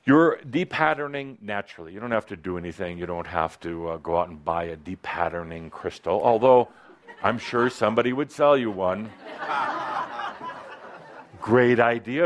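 A man with a lowish voice leads a live workshop, speaking at normal speed into a handheld or clip-on microphone with a slight hiss or hum in the background. His seminar talk to the audience is playful, teasing and coaching in tone.

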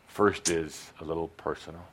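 Using a handheld or clip-on mic, a male workshop leader gives a live seminar talk, coaching his audience with playful teasing. He has a bass voice with fairly even intonation, a bit of brightness and normal speed, plus a little hiss or hum.

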